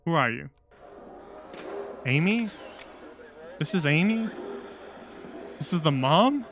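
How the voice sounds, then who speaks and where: A man's voice: fairly high pitch, animated, slow, fairly bright tone, a little hiss or hum. Sarcastic joking male streamer. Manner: sarcastic, joking, laughs often. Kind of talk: live gameplay commentary.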